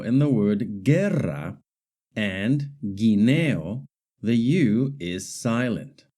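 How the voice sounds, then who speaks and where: A man narrating a scripted language lesson, explaining slowly and carefully, spelling out examples one by one. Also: medium pitch, warm tone. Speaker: language teacher.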